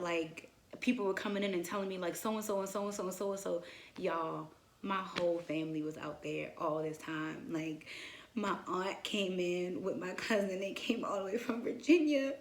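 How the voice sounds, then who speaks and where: A young woman casually telling a personal story, acting out her own past words with lively asides. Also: lowish voice. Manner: animated, quotes herself in lively asides. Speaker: vlogger. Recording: roomy echo.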